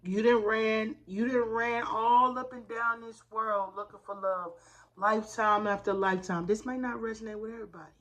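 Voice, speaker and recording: A woman's voice: fairly high pitch, fairly even intonation, moderate pace, a bit bright. A woman giving a spiritual tarot reading in a fervent, preacher-like way, calling her listeners y'all. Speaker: tarot reader.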